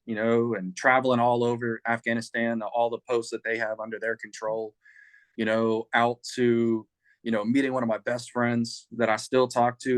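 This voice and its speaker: A man from Louisiana with a Southern accent, an Army veteran guest telling lively stories in a casual interview. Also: mid-range voice, clean tone, no room sound. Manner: animated, laughing storyteller. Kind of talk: casual storytelling.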